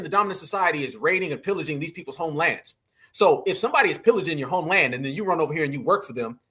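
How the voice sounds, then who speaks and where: A man's voice: high-pitched, pushed and bright, slightly rough. A man hosting a commentary show, reacting to video clips and talking emphatically straight to his viewers. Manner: emphatic, repeats phrases, addresses viewers as family. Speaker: commentary channel host.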